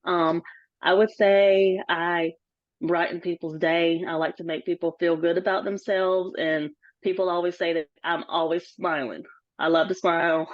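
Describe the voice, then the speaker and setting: A woman's voice: lowish voice, fairly even intonation, measured pace, no room sound. A woman from South Carolina introducing herself on a video call, bubbly and cheerful. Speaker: new team member introducing herself. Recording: dull, dry video call audio.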